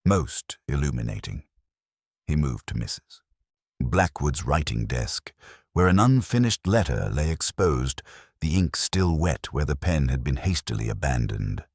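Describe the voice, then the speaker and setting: A man narrating a mystery in a dramatic storytelling way. His voice is extremely low with a husky grain, and his pitch moves in a lively way. The recording is close and dry. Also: a little slow, dry recording.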